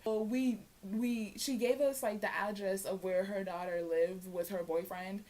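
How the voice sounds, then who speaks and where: A young woman vlogger telling a storytime tale in a casual, animated way, acting out the voices of the people in it. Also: medium pitch, measured pace, few pauses. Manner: animated, acts out quoted voices. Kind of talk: storytime vlog.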